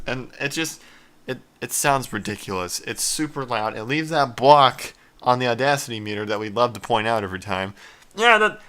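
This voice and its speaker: A man's voice: medium pitch, sharp tone. A man hosting a comedy podcast, bickering and trading sarcastic insults. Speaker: podcast host.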